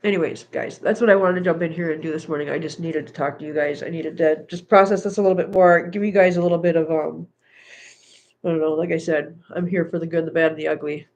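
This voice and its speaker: A woman's voice: fairly even intonation, fast talker, a little mellow, a little hiss or hum. Casting note: woman vlogger, chatty live-stream host on a couch at home, talks to her cats. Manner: chatty, coos at her cats in a high baby voice. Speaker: cat channel host. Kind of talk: casual live-stream chat.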